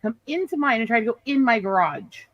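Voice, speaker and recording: A woman hosting a live stream, telling a story in an indignant, animated way. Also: fairly high pitch, brisk, lo-fi sound. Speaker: livestream host. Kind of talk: casual chat.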